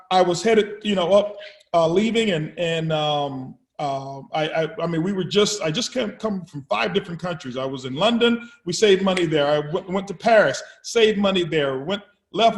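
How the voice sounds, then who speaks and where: A man speaking to his business partners as company founder, telling energetic motivational stories, often repeating words and acting out conversations. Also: sits high, roomy sound. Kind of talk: motivational storytelling speech.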